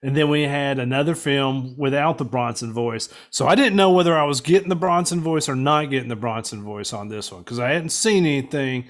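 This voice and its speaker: A man's voice: medium pitch, fairly quick, hardly any pauses. A man co-hosting a podcast in casual chat, chatty and agreeable. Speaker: podcast co-host.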